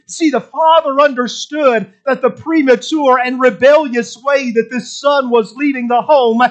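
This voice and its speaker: A man's voice: very high voice, fairly even intonation, moderate pace. A middle-aged man preaching a sermon with impassioned, repetitive emphasis.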